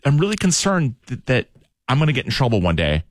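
Fast-talking man chatting on air. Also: medium pitch, no echo. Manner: animated, quick storyteller. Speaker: radio host. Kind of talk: casual chat.

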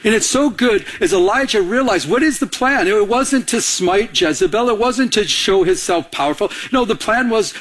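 A male pastor preaching a sermon with a somewhat high voice. He talks in an animated way and slips into the voices of the figures he quotes. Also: normal speed, few pauses. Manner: animated, acts out voices of God and Elijah.

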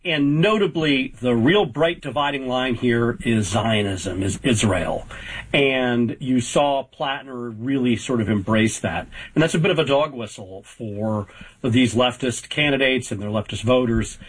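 A man in his fifties, a political reporter, giving measured, analytical answers as a talk show guest, with frequent fillers. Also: medium pitch, husky, low-quality recording. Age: 50s.

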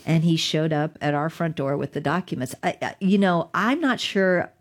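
A middle-aged woman with a notably low voice recounts events as an interview guest. She tells it in an animated way and laughs often as she goes. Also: moderate pace. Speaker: digital rights lawyer. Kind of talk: storytelling in an interview.

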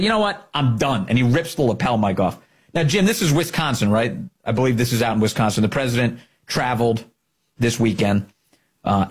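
Sarcastic, husky-voiced male commentator. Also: medium pitch. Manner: sarcastic, heated ranting. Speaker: political commentary host. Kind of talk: opinion show monologue.

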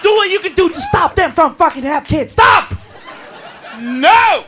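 A woman doing a stand-up comedy routine, brash and profane, yelling her punchlines on a club stage. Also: extremely high pitch, sing-song, a little fast, slight background noise. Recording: live club, audience crowd behind.

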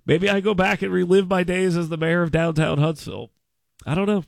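A man hosting a radio talk show, excitable and mock-dramatic, stumbling over repeated words in comedic chat. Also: sits high, fairly quick, vocal fry, no room sound, clean studio sound.

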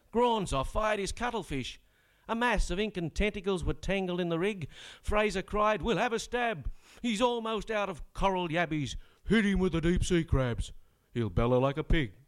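A man's voice: on the high side, clean tone. An Australian man performing a comic rhyming ballad on stage, with dry, sardonic spoken asides between rollicking rhymed verses.

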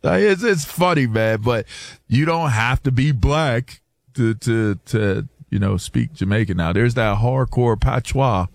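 A man's voice: mid-range voice, a little slow, gravelly, darkish tone, no room sound. A man co-hosting a sports radio show in loose, slangy chat, laughing often at a studio mic. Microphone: studio microphone.

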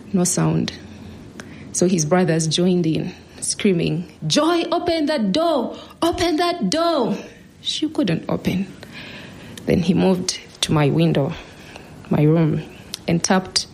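A woman in her thirties telling a personal story in an earnest, measured way, now and then dropping to a hush. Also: on the low side, vocal fry, a little hiss or hum.

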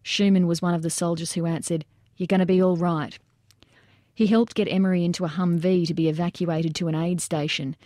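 A woman reading nonfiction narration aloud in steady storytelling style. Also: lowish voice, no echo, studio quality. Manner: steady storytelling that acts out shouted quotes.

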